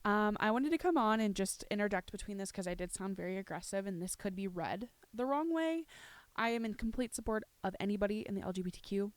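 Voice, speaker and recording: A woman hosting a podcast, ranting heatedly, swearing freely and breaking into shouts. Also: mid-range voice, animated, fast, no echo. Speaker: podcast host. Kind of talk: casual ranting commentary.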